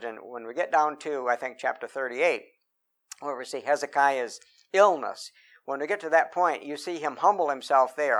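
A man preaching a sermon, reading scripture slowly and with emphasis between plainly spoken remarks with many fillers. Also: on the high side, fairly bright tone.

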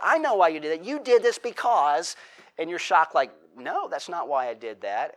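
Conversational preacher, fairly high voice. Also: male voice, a bit bright. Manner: conversational preaching, asks the congregation questions, acts out prayers. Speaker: pastor. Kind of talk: sermon.

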